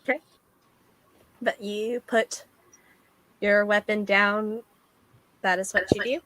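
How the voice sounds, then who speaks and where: A woman narrating a tabletop game as game master, giving calm rulings. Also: medium pitch, slow, no room sound.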